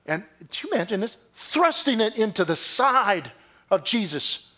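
A man preaching a sermon in a church, swinging from quiet, low phrases to loud, excited bursts. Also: normal speed. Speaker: pastor.

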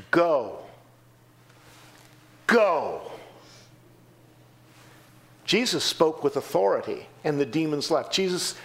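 Animated high-voiced man preaching. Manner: animated, acts out quoted voices with sudden pitch jumps. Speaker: pastor. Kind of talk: sermon.

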